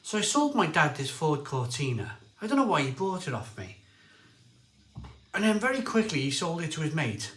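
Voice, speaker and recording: A middle-aged man hosting a casual livestream, telling rambling, excitable stories and reading out viewer comments. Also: on the high side, moderate pace, echoey room. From Barry, Wales. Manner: rambling storyteller, lively and excitable, often restarts sentences. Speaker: livestream host.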